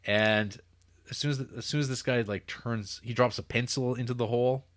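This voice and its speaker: A man's voice: medium pitch, fairly even intonation, a little fast, no echo. A man co-hosting a podcast, casually recapping a film in a rambling way and acting out the scenes. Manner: rambling, self-interrupting, acting out scenes with quoted voices. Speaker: podcast co-host.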